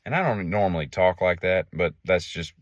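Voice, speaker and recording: Low-voiced sarcastic man. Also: animated, moderate pace, no echo. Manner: sarcastic, dry. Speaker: vlogger. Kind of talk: casual storytelling monologue.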